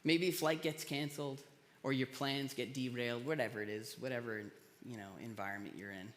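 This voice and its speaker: A man's voice: medium pitch, a little fast. A man pastor giving a casual, conversational sermon, telling stories with self-deprecating jokes. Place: large church hall. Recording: long hall reverb.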